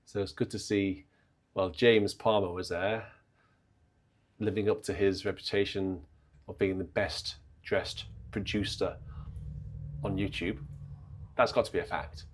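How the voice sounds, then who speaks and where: British guy at the organ on a livestream, bit husky, joking around with the chat. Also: low-pitched, steady tone, a little slow, long pauses. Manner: playful, teasing banter with viewers in the chat.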